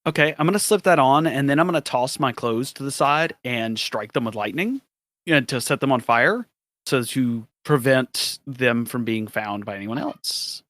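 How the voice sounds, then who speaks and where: A man's voice: medium pitch, moderate pace, fairly bright tone, dry recording. Man playing a tabletop game, casual. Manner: casual, explaining actions. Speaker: player.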